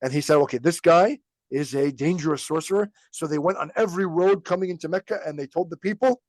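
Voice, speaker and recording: A man teaches religious history on his podcast in a loose, chatty storytelling style. He acts out the quotes of the people in his stories and laughs often. His voice sits a little high, and the recording is close and dry. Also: fast talker, a little mellow, no room sound. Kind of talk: informal religious lesson.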